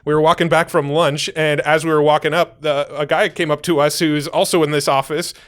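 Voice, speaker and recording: A man with a fairly high voice co-hosts a podcast in easygoing casual chat. He chimes in with short agreements and dry quips, recorded on a studio microphone in a small office studio. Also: flat delivery, a little fast, fairly bright tone, clear, resonant tone. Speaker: podcast co-host.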